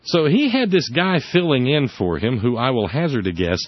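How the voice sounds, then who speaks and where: A man's voice: mid-range voice, animated, moderate pace, husky, dry recording. A man hosting a casual political chat show, sardonic and rambling, with many restarts. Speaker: podcast host. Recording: dull lo-fi dry audio.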